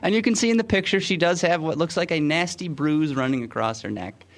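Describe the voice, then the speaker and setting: A man's voice: on the high side, a little fast. A man hosting a podcast, chatting casually through news stories, joking and laughing often as he reads. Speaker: podcast host.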